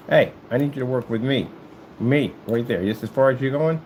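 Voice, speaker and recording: Animated man with a lively, bouncing voice. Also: a little slow, slight background noise, low-quality recording. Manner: animated, jumps into high falsetto sing-song and joking voices. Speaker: vlogger. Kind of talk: casual rambling monologue while working.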